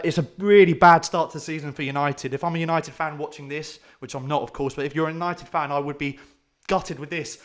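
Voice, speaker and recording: A man giving live fan commentary on a football match, excitable and swinging between shouting at chances and anxious muttering. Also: on the high side.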